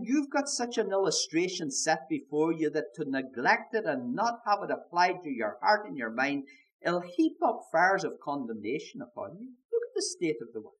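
Fervent preacher man shouting at climaxes. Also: on the high side, husky. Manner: drawn-out emphatic words and strings of rhetorical questions. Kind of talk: sermon. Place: church service.

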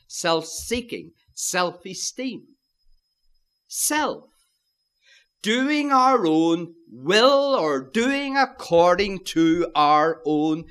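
A man's voice: high-pitched, a bit bright. A man preaching a sermon, emphatic, repeating key phrases and addressing listeners as friends.

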